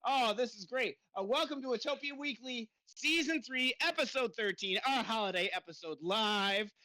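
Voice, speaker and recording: A man's voice: extremely high pitch, normal speed, bright, forceful tone, dry recording. A middle-aged man hosts a live podcast from his bike trainer, out of breath as he pedals. He talks in an upbeat, chatty way, laughing and stumbling over his words. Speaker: podcast host. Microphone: desk mic on a stand.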